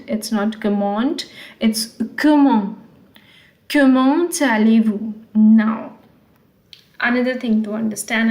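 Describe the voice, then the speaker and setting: A woman teaching French greetings, reading words and explaining them, repeating each one slowly and carefully. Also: a little high, darkish tone, echoey room. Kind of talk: explaining language lesson.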